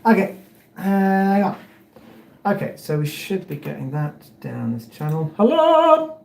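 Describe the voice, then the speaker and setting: His fairly high, slightly mellow voice has vocal fry and lively intonation, and he speaks unhurriedly with an English accent. Chatting to livestream viewers in a roomy, echoey home recording, he tells a rambling, self-deprecating story while fiddling with his setup.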